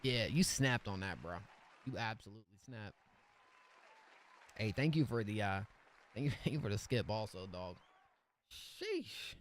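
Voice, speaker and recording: A young man hosting a live-stream song review, excitable and slangy, laughing often as he reacts. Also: lowish voice, moderate pace, pauses often, some chatter behind, a little hiss or hum.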